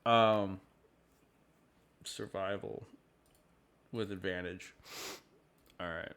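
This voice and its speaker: A man's voice: deep voice, steady tone, drawn-out words, a bit bright, smooth. A man playing a tabletop game over a video call, easygoing and self-mocking. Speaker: player. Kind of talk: casual tabletop game play.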